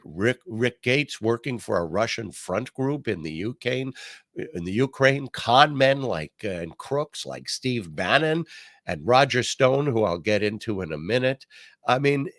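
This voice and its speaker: Gravelly wry older man host. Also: medium pitch, sing-song, unhurried, fairly bright tone, no echo, clean studio sound. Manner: wry, sarcastic, with many fillers. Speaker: podcast host. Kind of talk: political commentary monologue.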